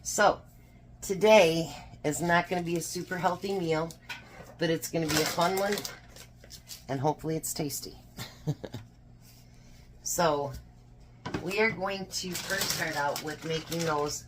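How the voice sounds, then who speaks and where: In her home kitchen, a cooking vlogger chats casually while making supper, joking and laughing at herself in a self-deprecating way. Her low voice has fairly even intonation and a measured pace with frequent pauses. The background is noisy.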